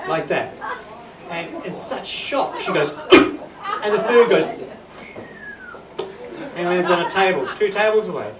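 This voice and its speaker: A man with a New Zealand accent telling rambling, self-deprecating stand-up stories on a club stage, with laughter behind him. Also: high-pitched. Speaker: stand-up comedian. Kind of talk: stand-up comedy. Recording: echoey club from a distance, noisy. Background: audience laughter.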